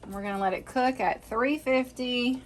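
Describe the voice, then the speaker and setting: A woman's voice: fairly high pitch, normal speed, slight background noise. A middle-aged woman, chatting folksily and joking at herself as she cooks in her home kitchen. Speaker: vlog host cooking. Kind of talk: casual cooking vlog chat.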